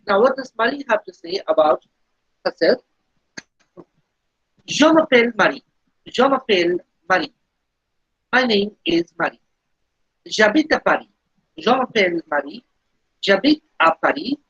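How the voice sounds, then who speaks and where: A woman teaching a beginner French lesson, explaining slowly and patiently and repeating each phrase. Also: medium pitch, lively intonation, breathy edge, no room sound. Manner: slow, patient explaining with repetition. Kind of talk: recorded language lesson. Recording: dull lo-fi recording.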